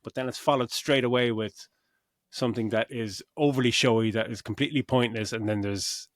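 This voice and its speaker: A man's voice: mid-range voice, fairly even intonation, a little fast, no room sound. Man, middle-aged, podcast co-host, rambling film talk, swears, acts out reactions, dry close sound. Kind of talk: casual film review chat.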